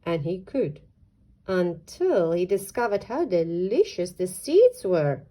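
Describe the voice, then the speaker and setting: A woman's voice: lowish voice, sing-song, slow pace, mellow. A woman reading a children's picture book aloud, playful and chatty with her young listeners. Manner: playful, mixing in chat to children. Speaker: storyteller.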